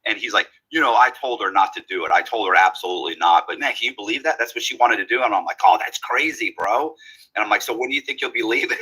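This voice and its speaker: Husky man telling a prison story. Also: on the low side, fast talker, rough recording. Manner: animated, acts out quoted dialogue. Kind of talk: casual storytelling.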